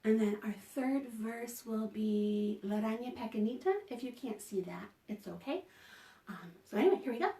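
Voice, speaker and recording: A woman librarian leading an online story time from home, talking slowly and gently in a sing-song, encouraging way to small children. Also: on the high side, lively intonation. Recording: roomy home video call audio from a distance.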